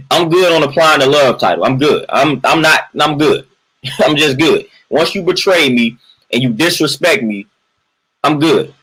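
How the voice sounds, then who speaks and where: A man's voice: a little high, animated, unhurried, a bit bright, husky, rough recording. A man venting in a casual livestream monologue. He repeats his points emphatically, keeps tagging lines with "man" and greets viewers from the chat in between. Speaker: livestream host.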